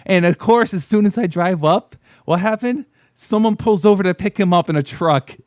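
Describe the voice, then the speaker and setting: A man's voice: sits high, normal speed, no echo, clean studio sound. A man telling a long, rambling story on a podcast, swearing, laughing and acting out the people he quotes. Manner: acts out quoted voices. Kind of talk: casual storytelling. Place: podcast studio.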